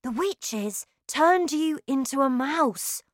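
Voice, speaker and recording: A woman voicing a calm, sensible young boy turned into a mouse, speaking patiently in a storybook reading. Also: sits high, takes it slowly, dry recording, clean studio sound, voice pushed up.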